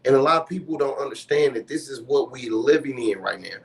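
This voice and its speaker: On a talk show panel, a man speaks passionately in a heated, casual discussion, swearing often and then apologizing for getting carried away. His mid-range voice is creaky and slightly rough, with lively intonation and a slightly fast pace.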